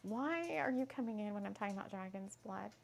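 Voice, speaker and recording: Woman host, giggly, chatty, vocal fry, mid-range voice. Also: mid-range voice, expressive, brisk. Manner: giggly, laughs often mid-sentence; chatty, spells and repeats lists aloud. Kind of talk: casual spiritual craft talk.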